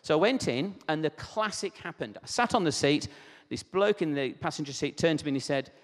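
A man's voice: on the high side, lively intonation, fairly quick, long reverb tail. A man preaching a sermon, telling a personal testimony in a conversational, storytelling way with asides.

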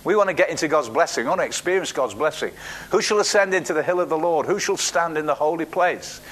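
A man preaching a sermon, telling Bible stories with acted-out quotes and frequent halting restarts. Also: a little high, lively intonation, fairly bright tone.

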